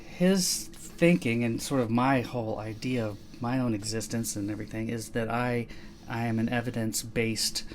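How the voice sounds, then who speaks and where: A man's voice: medium pitch, slight background noise. Rambling man on a casual podcast. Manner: rambling, self-correcting, acts out quoted dialogue. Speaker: podcast co-host.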